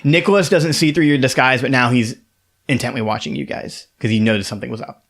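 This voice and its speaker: A man's voice: mid-range voice, steady tone, fast talker, a bit bright. A man narrating as game master of a tabletop game, loose and full of fillers.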